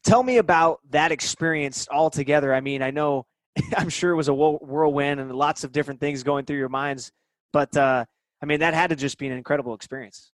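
A man's voice: a little high, brisk, no room sound. A man hosting a sports podcast, asking questions in a chatty, encouraging way. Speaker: podcast host. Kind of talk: interview questions.

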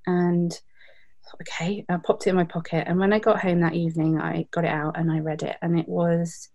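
British woman, 30s, interview guest; warm, darker tone, heartfelt and reflective. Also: fairly low pitch, flat delivery, moderate pace, vocal fry. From Britain. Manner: reflective, heartfelt, with frequent fillers. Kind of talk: candid interview storytelling.

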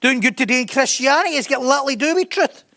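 A man's voice: extremely high pitch, animated, fast talker, sharp tone. A man preaching a sermon in a conversational way, often laughing and joking at his own expense.

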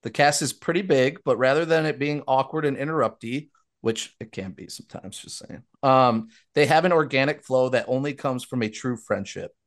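A young adult man hosting a casual podcast, reading listener reviews aloud and dropping quick asides between lines. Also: mid-range voice.

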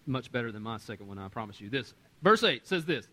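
A man preaching a sermon as pastor, animated and self-deprecating, acting out the voices in the stories he tells. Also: medium pitch, fast talker, hardly any pauses, rough recording. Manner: animated, self-deprecating humor, acts out quotes. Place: church sanctuary.

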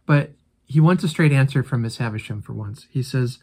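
A man's voice: medium pitch, moderate pace, darkish tone, husky. A man hosting a casual book commentary, animatedly retelling and reacting to the story. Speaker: host.

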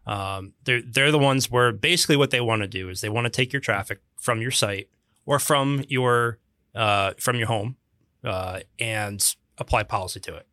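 A man's voice: medium pitch, moderate pace, sharp tone, dry recording. A man co-hosting a podcast, explaining technical topics in a casual, chatty way, with dry jokes and many restarts. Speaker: podcast co-host.

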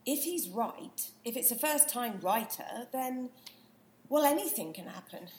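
A theatrical, sharp-tongued actress with grand ambitions, played by a woman in a comedic audio play. Her voice sits a little high and carries a roomy echo. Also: animated, unhurried. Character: dramatic ambitious actress who wants an epic.

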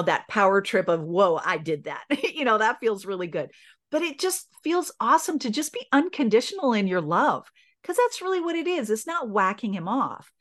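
A middle-aged woman, a podcast guest, telling a personal story in an earnest, emotional way, with many restarts. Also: mid-range voice.

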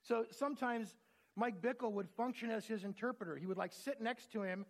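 A man's voice: high voice, brisk. A man preaching a sermon, telling stories in an earnest, conversational way.

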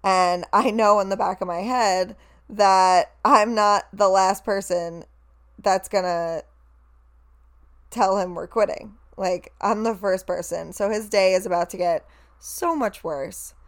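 A young woman telling a frank story about her workday, casual and animated, swearing freely and acting out what others said. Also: medium pitch, slow pace.

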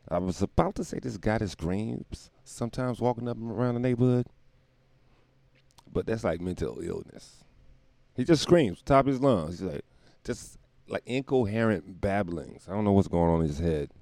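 A man's voice: on the low side, expressive, moderate pace, vocal fry, dark tone, dry recording. A man hosting a show, riffing in a rambling, irreverent comedic monologue with laughs and profanity. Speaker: podcast host.

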